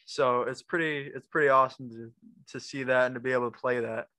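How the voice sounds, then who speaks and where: A man's voice: medium pitch, fairly even intonation, a little fast, pushed and bright, dry recording. A young man co-hosting a casual chat, upbeat and agreeable, laughing often. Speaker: podcast co-host.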